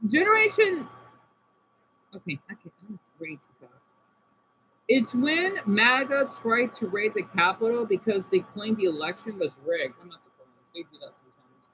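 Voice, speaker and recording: A man's voice: high-pitched, big pitch swings, normal speed, sharp tone. An American man on a casual live stream, rambling in a scattered way as he reacts to his chat aloud. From United States. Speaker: livestreamer. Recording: dull lo-fi with faint hum.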